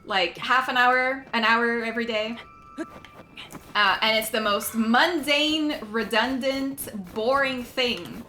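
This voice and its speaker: Giggly woman, slow and bright. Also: fairly high pitch, a little hiss or hum. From Quebec, Canada. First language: French. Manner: giggly, apologetic, chatty. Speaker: streamer. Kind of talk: casual chat with stream viewers while gaming.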